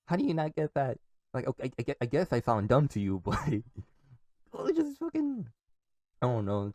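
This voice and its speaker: Low, mellow-voiced young man rambling. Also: no room sound. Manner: profane, laughs often, restarts and trails off. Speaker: podcast host. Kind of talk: casual rambling monologue.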